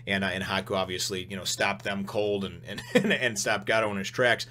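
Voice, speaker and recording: A man hosting a casual manga chapter review, talking excitably and rambling with lots of "you know" and "right?", now and then acting out the characters' lines in a raised voice. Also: lowish voice, fairly quick, a little hiss or hum. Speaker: host of a manga review channel.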